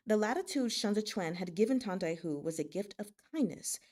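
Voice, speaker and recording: A woman's voice: medium pitch, mellow. A woman hosting a live read-aloud of a novel, narrating steadily and chatting in a giggly way with her listeners. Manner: giggly, chatty between readings. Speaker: narrator and live-stream host.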